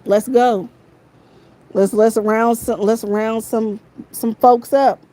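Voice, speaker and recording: A woman's voice: fairly high pitch, steady tone, slow pace, warm tone, rough recording. A woman in a heated, profane livestream rant, repeating her phrases over and over, talking into her phone.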